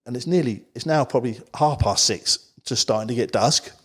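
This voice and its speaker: A man's voice: medium pitch, a little fast, breathy edge. A man from the Isle of Wight, a podcast guest telling a long story in casual, rambling chat. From England, Isle of Wight. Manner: rambling, full of "you know" asides.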